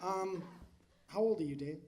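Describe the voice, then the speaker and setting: Man, high voice, stand-up comic, crowd work, joking and swearing, noisy live club recording. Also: moderate pace. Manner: loose, joking, swears, often laughing. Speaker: comedian on stage, crowd work. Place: live venue stage.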